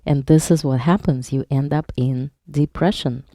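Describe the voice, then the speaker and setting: A woman's voice: low voice, steady tone, normal speed, mellow, dry recording, clean studio sound. A woman hypnotherapist leading a live online workshop, reading viewers' chat aloud and explaining patiently, with some wordplay. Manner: plays on words while teaching.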